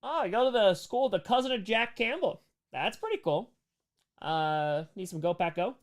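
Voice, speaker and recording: A man hosts a casual livestream Q&A, reading chat names and riffing with loose, rambling jokes. His voice sits a bit high and sounds smooth and clear. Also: animated, moderate pace. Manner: rambling, jokey, answers chat names aloud. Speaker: streamer host answering chat.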